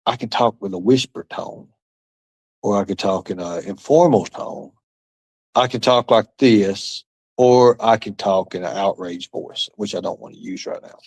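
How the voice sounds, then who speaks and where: A man's voice: lowish voice, a little slow, darkish tone. A man hosting a livestream, rambling and taunting as he answers chat comments, with profanity and muttered asides. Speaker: livestream host. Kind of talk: rambling live-stream chat reading comments.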